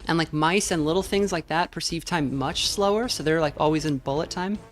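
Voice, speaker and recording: A woman's voice: low voice, brisk. A woman streamer chatting casually over her gameplay, rambling into tangents with lots of fillers, speaking into a dynamic USB mic at home. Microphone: dynamic USB microphone. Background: faint game music.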